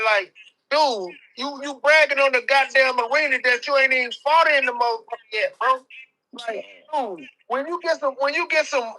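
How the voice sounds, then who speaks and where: A man's voice: extremely high pitch, pushed and bright, low-quality recording. A man talking as a guest in a casual live-stream chat, slangy and profane, repeating his phrases.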